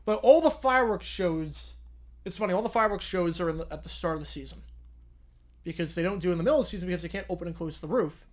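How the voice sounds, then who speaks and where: A man's voice: high voice, quick pace. A young man hosting a live stream, chatting casually with viewers and answering their questions, rambling and correcting himself, drowsy and yawning.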